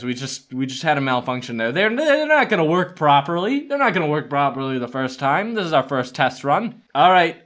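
A man giving let's-play commentary on a game, excitable, yelling and laughing at the action. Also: a little high. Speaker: gaming YouTuber.

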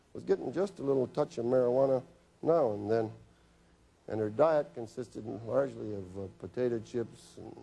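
A middle-aged physician telling stories from his office to an audience, with dry humor and quick asides where he plays his patients. His voice is dark and mellow, with a husky, slightly breathy edge. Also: mid-range voice. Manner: anecdotal, acts out patients' and his own lines with humor. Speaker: physician giving a health talk. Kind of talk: storytelling health lecture.

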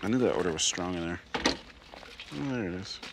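A man's voice: sits low, expressive, moderate pace. A man working as a sheriff's deputy, firm and matter-of-fact, explaining a traffic stop to the camera. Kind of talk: on-scene police commentary. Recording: music underscore behind.

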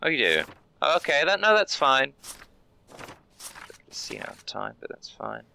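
A young man talks through a game as a polite, relentlessly cheerful border inspector, chatting to characters and muttering asides. His voice is bright and edged with gravelly fry, and his pitch swings widely as he talks. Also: huge pitch swings, measured pace, a little hiss or hum. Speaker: gamer playing a border inspector. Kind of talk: role-play let's play commentary.

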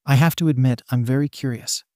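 A man's voice: medium pitch, fairly quick, warm tone, no room sound, clean studio sound, close to an everyday voice. A man voicing a formal, earnest teenage boy who speaks in a firm tone, in a storybook reading.

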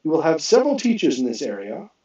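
A man reading aloud and voicing a tall male basilisk teacher who speaks in a formal, measured way. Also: a little high, wildly swooping pitch, warm tone, reverberant, distant mic, muffled recording, pitched above the performer's own voice. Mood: lecturing.

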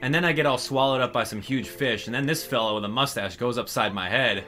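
A man's voice: mid-range voice, fast, sharp tone, faint music behind, close to an everyday voice. A man voicing an ornery little grub creature who grumbles about his bad luck. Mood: grumbling. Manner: grumbling and complaining.

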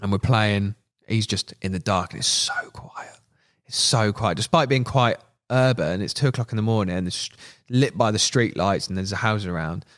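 A man telling a fishing story as a podcast guest, animated, laughing and acting out what people said. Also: lowish voice, normal speed, few pauses. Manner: animated, laughing, acts out quotes. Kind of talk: casual storytelling.

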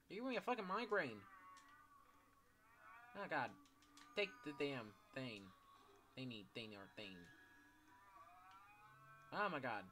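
A man's voice: medium pitch, sharp tone, slight background noise. A young man commentating his gameplay, swearing a lot and breaking into panicky outbursts between mutters. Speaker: gaming YouTuber.

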